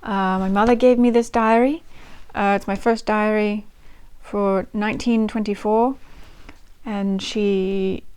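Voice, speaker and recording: A woman's voice: mid-range voice, fairly even intonation, slow pace, a little mellow, smooth, natural voice. A woman reading in character as a fifteen-year-old artistic English girl keeping a diary, attempting a West London accent and speaking with small hesitations. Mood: reflective. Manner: chatty, thinking aloud with small hesitations.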